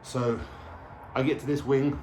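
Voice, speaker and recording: A man's voice: mid-range voice, level tone, unhurried, darkish tone, slight background noise. A man telling stories casually to camera at home, rambling and slangy, swearing freely. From London. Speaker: vlogger. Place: at home, indoors, with a dog. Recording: echoey room.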